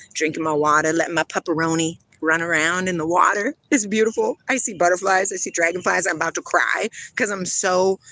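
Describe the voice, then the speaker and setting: A woman's voice: lowish voice, sharp tone, no room sound, poor audio. A woman hosting a casual livestream outdoors by a river on her phone, playful and dreamy, chatting about spiritual ideas and reading out viewer comments. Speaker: livestream host.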